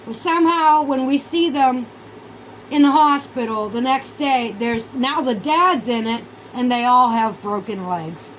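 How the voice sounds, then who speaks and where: A woman's voice: high-pitched, unhurried, fairly bright tone, a little hiss or hum, rough recording. Profane, ranting woman vlogger. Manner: sarcastic, incredulous. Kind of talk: casual ranting monologue.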